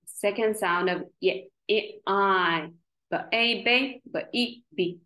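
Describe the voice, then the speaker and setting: A woman's voice: medium pitch, slow, long pauses, sharp tone, poor audio. A woman tutoring a child in spelling, patiently sounding out letters and syllables one by one. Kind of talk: one-on-one phonics lesson.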